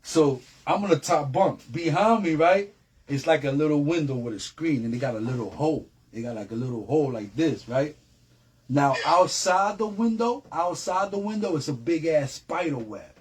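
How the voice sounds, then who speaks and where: A man's voice: on the high side, expressive, moderate pace, a little mellow, husky. Streetwise New man telling a story. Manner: streetwise, repeats phrases, heavy slang. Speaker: interview guest. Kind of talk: casual storytelling.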